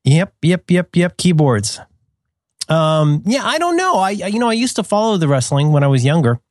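Rambling, lively man in casual chat. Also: high-pitched, normal speed, no room sound, studio quality. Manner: rambling, restarts, playful, laughs at own jokes. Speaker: podcast co-host.

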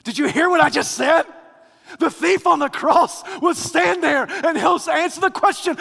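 A male preacher delivering a sermon with big dramatic swings between shouting and near-whispers. His voice is very high, bright and gravelly, with a long hall reverb around it. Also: normal speed.

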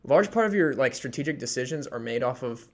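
A man's voice: medium pitch, animated, fairly quick. A man co-hosting a podcast, talking casually and at length about stocks he is buying, with many fillers and restarts. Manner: rambling and explanatory, full of fillers. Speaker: podcast co-host.

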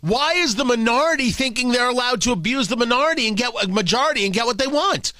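Combative male host, high lively voice, bright tone, dry close sound, sarcastic commentary. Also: fast talker, no echo. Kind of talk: political commentary monologue.

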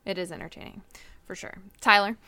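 A woman hosting a casual talk show, chatty and quick to laugh. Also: medium pitch, steady tone, pushed and bright, dry recording. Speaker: podcast host. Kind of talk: casual chat.

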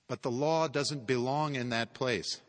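A man's voice: mid-range voice, unhurried. A man giving a conversational theology lecture with chuckling asides. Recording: long hall reverb.

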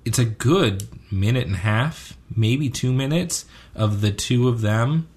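A man's voice: medium pitch, measured pace, darkish tone. A man co-hosting a casual chat about a TV episode, rambling with many ums and self-corrections. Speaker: podcast co-host.

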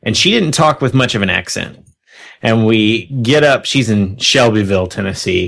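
A man's voice: medium pitch, moderate pace, vocal fry. A middle-aged man hosting a podcast, chatting casually and telling stories with frequent laughter. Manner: relaxed storyteller, laughs often. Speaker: podcast host. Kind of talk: casual panel chat.

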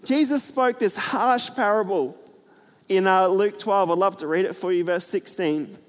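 A man preaching a sermon to a church, chatty and energetic, full of fillers and jokes. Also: sits high, measured pace. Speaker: pastor. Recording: hall reverb.

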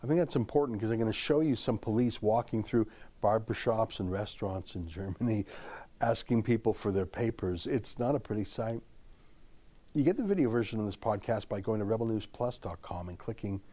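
A man's voice: fairly low pitch, moderate pace, mellow. A man hosting a political commentary show, talking emphatically and straight to the listener. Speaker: show host.

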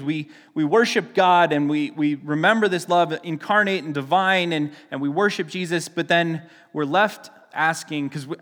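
A man's voice: fairly high pitch, fairly bright tone. A man preaching a casual sermon as a pastor, chatty and joking, often restarting his sentences and laughing at himself. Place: church sanctuary. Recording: long reverb of a church hall.

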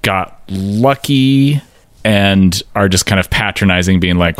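A man's voice: low-pitched, slow, smooth, no echo. A man co-hosting a podcast, chatting casually about song lyrics in a dry, joking way with fillers and laughs. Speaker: podcast co-host.

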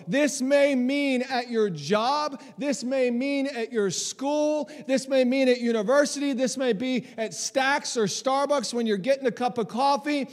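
A man in his thirties, a pastor preaching a sermon on a church stage, animated and emphatic, acting out voices and repeating lines for effect. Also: extremely high pitch, long reverb tail. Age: 30s.

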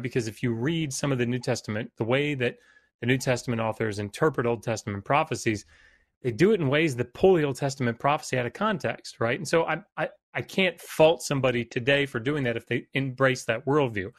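A man's voice: mid-range voice, dry recording, studio quality. A man on a live talk stream who repeats words and restarts sentences while he builds an argument. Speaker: panelist. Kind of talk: casual debate chat.

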